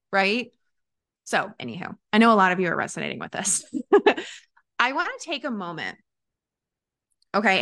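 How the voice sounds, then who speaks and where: A woman coach talks straight to her listeners in a loose, chatty way. She laughs often and fills her talk with fillers and restarts, at a middle pitch for a woman. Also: fairly bright tone. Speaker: business coach and podcast host. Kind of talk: casual motivational talk to an audience.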